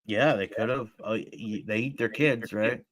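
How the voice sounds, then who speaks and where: A man hosts a relaxed podcast and reacts to movie trailers in a loose, rambling manner, often trailing off. His voice sits low. The sound is close and dry. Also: normal speed, no echo. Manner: laid-back, rambling, trails off. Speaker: podcast host. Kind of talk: casual chat reacting to trailers.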